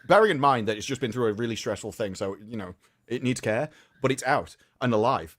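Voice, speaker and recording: A man's voice: mid-range voice, animated, fairly quick, a bit bright. Blunt sarcastic man co-host. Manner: blunt, sarcastic, mocks others in put-on voices. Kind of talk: casual political chat.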